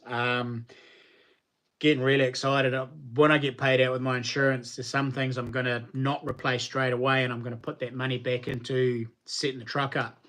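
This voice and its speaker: A relaxed New Zealand man chats on a livestream, answering viewers in loose, colloquial talk. His voice sits at a middling pitch, and the delivery is easygoing and full of fillers. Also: moderate pace. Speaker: knife maker hosting a livestream.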